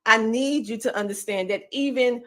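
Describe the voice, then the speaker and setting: A woman from the Southern United States, a podcaster and coach with a country twang, gives a motivational speech to her audience. Her voice sits high, and she speaks at a moderate pace with repetitive, preacher-like emphasis.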